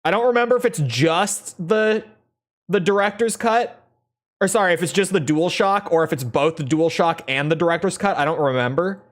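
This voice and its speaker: A woman's voice: fairly low pitch, normal speed. A woman streaming a game, chatting casually, rambling and correcting herself as she goes. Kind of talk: casual live-stream chat.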